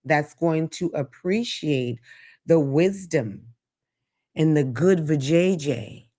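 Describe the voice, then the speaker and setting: A woman's voice: low voice, expressive, takes it slowly, warm tone. A woman hosting a call-in talk show, talking frankly and sassily, laughing at her own jokes. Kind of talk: live call-in show monologue.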